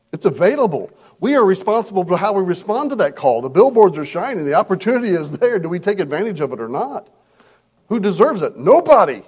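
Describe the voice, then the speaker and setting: Lively high-voiced pastor preaching. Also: male voice, breathy edge. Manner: conversational, acts out quoted voices. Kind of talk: verse-by-verse sermon. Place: church service.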